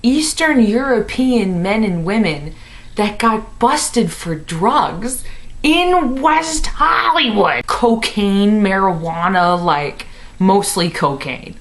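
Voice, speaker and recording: A woman in her twenties from Missouri, telling a comic story to the camera in her apartment, bubbly and animated, full of "like". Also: mid-range voice, takes it slowly. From Missouri, USA. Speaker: comedy vlogger. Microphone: camera in her room.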